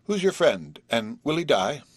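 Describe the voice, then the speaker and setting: A man reading the part of a formal, earnest young male prodigy who lectures and bristles, in a husky voice. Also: mid-range voice, big pitch swings, a little slow, dry recording, voice pushed up. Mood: indignant.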